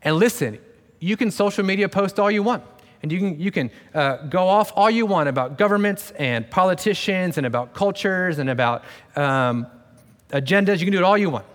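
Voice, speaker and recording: A man with a somewhat high voice preaches a relaxed, conversational sermon. His delivery mixes plain talk with dry, sarcastic asides. The sound carries a long reverb from the big church room around him. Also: fairly quick. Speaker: pastor. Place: church sanctuary.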